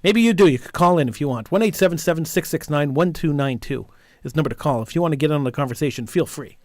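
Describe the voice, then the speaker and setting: A man's voice: fairly high pitch, expressive, fast, darkish tone, dry recording. A man hosting a call-in talk radio show, delivering an impassioned, indignant monologue and repeating phrases for emphasis.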